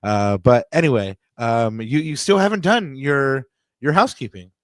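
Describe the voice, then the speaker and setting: A man co-hosting a soccer podcast talks through the match in a loose, rambling way, full of "uh"s and restarts. His voice sits at an ordinary middle pitch. The sound is dry and close, with no room around it. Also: lively intonation, moderate pace, dry recording. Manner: rambling, many fillers and restarts. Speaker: podcast co-host. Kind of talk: casual sports podcast chat.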